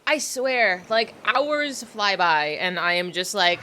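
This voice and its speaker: A woman's voice: medium pitch, lively intonation, slow pace, bright, forceful tone, slight background noise. A young adult woman streaming a game, chatting casually with viewers in a rambling, self-deprecating way. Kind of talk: casual livestream chat while playing.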